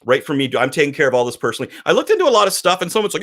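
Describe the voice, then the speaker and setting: A man's voice: fairly high pitch, very animated, rapid-fire, fairly bright tone. A man co-hosting a casual podcast, talking animatedly and acting out quoted voices. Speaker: podcast co-host, comic publisher.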